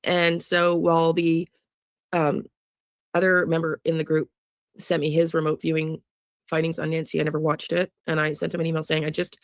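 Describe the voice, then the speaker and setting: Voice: mid-range voice, no echo, studio quality. An American true crime psychic host talking casually to viewers in a rambling monologue full of restarts and trailing asides.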